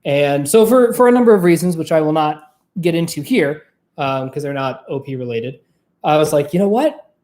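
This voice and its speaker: A former opera singer turned vlog host talks to camera in a lively, casual ramble peppered with profanity. The voice is medium-pitched, the pace moderate, and the room echoes.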